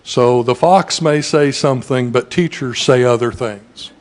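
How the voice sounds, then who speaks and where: Man district administrator, formal address, halting delivery with filler pauses, mid-range voice. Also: medium pitch, slight background noise. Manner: measured, with frequent "uh" pauses. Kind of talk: formal public speech. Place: school event audience setting.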